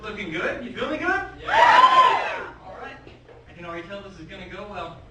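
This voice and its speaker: A man's voice: high-pitched, big pitch swings, fast talker. A male stand-up comic at an open mic, telling wry stories with playful asides to the crowd. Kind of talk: stand-up comedy set. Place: comedy club at open mic night. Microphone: handheld stage mic. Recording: echoey club, far from the camera, noisy. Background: crowd laughter.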